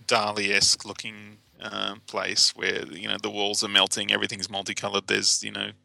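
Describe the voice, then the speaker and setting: A man recaps comic book stories for a podcast, chatty and wry. His voice is gravelly and sits a little low. It also has a very bright, crisp edge. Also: monotone, normal speed, no echo, poor audio. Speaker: podcast co-host. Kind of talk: casual comic book discussion.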